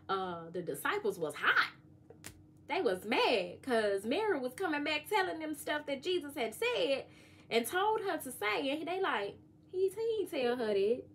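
A woman, giving a casual, joking tarot reading and sometimes singing bits of songs softly. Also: mid-range voice, a little hiss or hum. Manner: chatty, joking, sings lyric snippets softly. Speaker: tarot reader.

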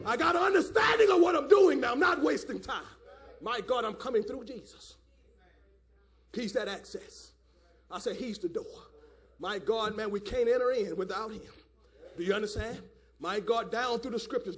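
A man's voice: sits high, fairly bright tone. A man preaching a fiery sermon at a church service, hollering and repeating "my God, man". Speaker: elder preaching.

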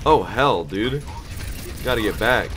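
A man's voice: lowish voice, expressive, takes it slowly, fairly bright tone, a little hiss or hum. A young man casually commentating his own gameplay, hyped and joking, trash-talking and laughing. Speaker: gaming YouTuber.

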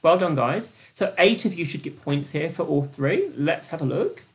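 A young British woman hosts a live-streamed trivia quiz, chatty and gossipy, with excited gasps and lots of fillers. Her voice is deep and her pace normal.

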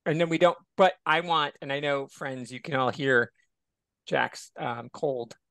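A man's voice: medium pitch, vocal fry, fairly bright tone, clean tone, no echo. A man guesting on a film podcast, joking around and readily agreeing with the host. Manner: jokey, quick to agree. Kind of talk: casual film discussion podcast.

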